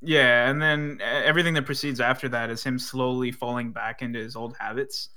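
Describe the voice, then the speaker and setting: A man's voice: medium pitch, little pitch movement, fairly quick, pushed and bright. A young man in casual chat recapping an episode, talking hesitantly with many restarts.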